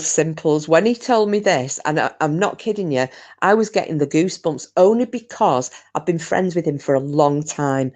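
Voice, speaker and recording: A woman's voice: low-pitched, darkish tone. A woman, casually telling a ghost story in a chatty, rambling way, with swearing and restarts. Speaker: channel host.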